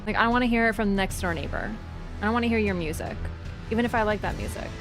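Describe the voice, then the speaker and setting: A woman's voice: medium pitch, fast, music in the background. A woman streamer in a casual live-stream chat, rambling and swearing as she rants.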